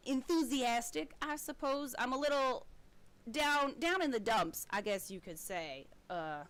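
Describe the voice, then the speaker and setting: A woman's voice: medium pitch, clear, resonant tone, close to an everyday voice. A woman voicing a bored, gloomy female halfling who runs a game booth, talking in a hesitant, wheedling way. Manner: sighing, hesitant, then gushing and wheedling.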